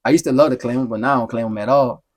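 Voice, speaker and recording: A man in his thirties telling stories as a podcast guest, animated and profane, rambling through anecdotes. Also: mid-range voice, very fast. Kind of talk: casual storytelling.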